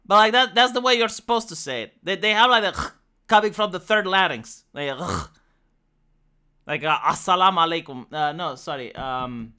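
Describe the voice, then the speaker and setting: A Romanian-accented streamer, a native Romanian speaker, chatting loosely and crudely with an audience. The pitch swoops up and down freely. The tone is bright and sharp, full of "like" and repeated starts. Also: expressive, normal speed, clean tone. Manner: rambling, profane, jokey, with frequent fillers and restarts. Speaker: live streamer. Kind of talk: casual live-stream chat answering viewers.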